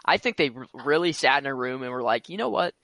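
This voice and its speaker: A man's voice: medium pitch, fast, pushed and bright, no room sound. Amused man chiming in on a podcast. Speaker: podcast co-host. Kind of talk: casual chat.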